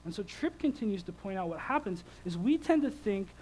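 A man in his thirties preaching a sermon, conversational and animated, telling stories with lively swings in loudness. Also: high-pitched, a little fast, slight background noise, low-quality recording.

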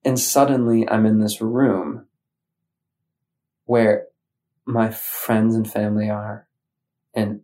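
A man from Michigan telling a personal story in casual conversation, acting out his own thoughts in changing voices. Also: lowish voice. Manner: animated, acts out his own inner voices. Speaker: guest.

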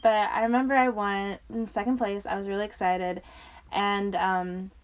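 In a muffled recording, a young podcast host in her twenties shares a personal story at medium pitch and normal speed. She laughs a lot, keeps it casual and lively, and performs others' lines.

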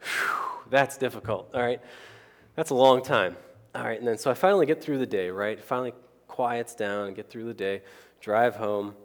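A man's voice: medium pitch, moderate pace. A man telling a personal story as a sermon, chatting with the crowd and checking in with "right?" after nearly every point. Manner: conversational, keeps asking the crowd "right?". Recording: long hall reverb.

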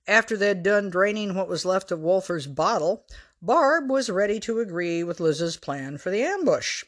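A woman's voice: on the low side, animated, moderate pace. A woman author reading her own story aloud in a storytelling voice, wry, with dry asides. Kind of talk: storytelling narration.

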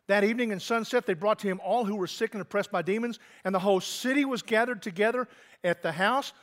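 A man with a notably high voice delivers a sermon in a relaxed, conversational way. He is a middle-aged pastor who keeps turning to his listeners with direct questions. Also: fast talker. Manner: conversational, asks the congregation questions.

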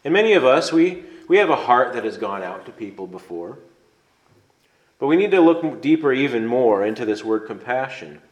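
Male preacher, mid pitch, earnest conversational sermon delivery, roomy echo. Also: very animated, moderate pace. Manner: earnest, conversational, explains step by step.

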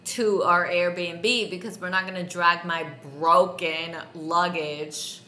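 A woman's voice: fairly low pitch, steady tone, slow pace, sharp tone. A woman co-hosting a casual chat, dryly correcting and adding details to a travel story. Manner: dry, correcting her partner's version of events. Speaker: podcast co-host. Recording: roomy echo.

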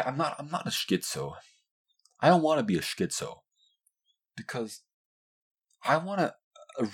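Young man, husky low voice, solo podcast rant, profane, rambling, fillers everywhere. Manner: mocks others in high squealing voices. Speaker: podcast host.

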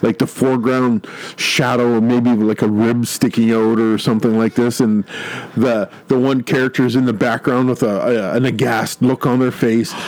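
A man's voice: medium pitch, level tone, normal speed, darkish tone, no echo, poor audio. A man co-hosting a podcast, telling a comic book story in rambling casual chat. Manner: rambling storyteller, many restarts and quoted voices. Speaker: podcast co-host.

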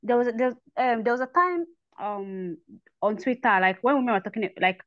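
A woman's voice: on the high side, no echo, dull audio. A woman guest in a casual podcast chat, starting sentences over and over before telling her stories. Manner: halting starts, many fillers and restarts, lively when telling stories.

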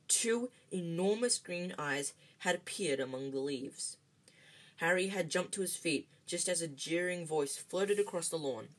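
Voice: mid-range voice, fairly bright tone, low-quality recording. A reader reading a novel aloud, slipping on words, restarting and filling with ums. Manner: reads with slips, restarts and ums. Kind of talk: amateur read-aloud of a novel.

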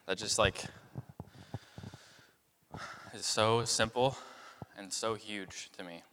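A young man delivers a relaxed, talky sermon with a lowish voice. He leans on fillers and slips into other people's voices as he goes. The sound carries a long reverb from the room. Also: unhurried, slight background noise. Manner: conversational, many fillers, acts out voices of people in the story. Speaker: preacher. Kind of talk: casual sermon.

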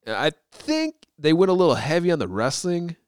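A man's voice: a little high, normal speed, smooth, dry recording, studio quality. A man co-hosting a podcast, chatting casually and profanely about a movie, often slipping into mocking impressions. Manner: animated, profane, mimics movie characters. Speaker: podcast co-host.

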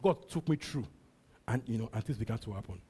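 A Nigerian man preaches in a mellow, slightly husky voice. He repeats short lines again and again and drops in hallelujahs between them. He talks like a pastor speaking straight to his church. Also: on the low side, lively intonation, fast. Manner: repetitive preaching with frequent hallelujahs. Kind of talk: sermon.

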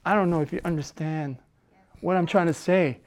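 A man preaching a sermon as a pastor. He talks conversationally with fillers, and swings between loud, emphatic preaching and soft, low asides. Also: fairly even intonation, moderate pace. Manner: conversational, with fillers and self-corrections.

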